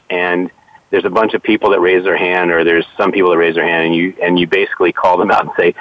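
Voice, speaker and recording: A man's voice: low voice, steady tone, fairly quick, a bit bright, no echo. A man asking questions in a casual interview, hesitant, with many fillers and restarts. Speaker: interviewer and photographer. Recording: dull lo-fi dry sound.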